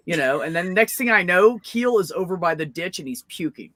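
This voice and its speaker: Bright, animated, profane woman. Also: lowish voice, fairly quick, dry recording. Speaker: stream host. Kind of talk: casual chat, storytelling.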